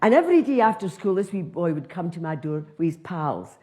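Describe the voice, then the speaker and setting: A woman's voice: lowish voice, fairly quick. An older Scottish woman, a comedian telling a self-mocking story in a chatty stand-up style. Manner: conversational, self-mocking, lively.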